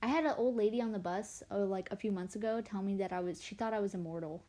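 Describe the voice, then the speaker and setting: A woman's voice: mid-range voice, quick pace. A young woman in her late teens, chatting casually while drawing on a livestream, rambling and self-deprecating as she tells stories. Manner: chatty and animated, voice swinging up and down. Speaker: artist livestreamer.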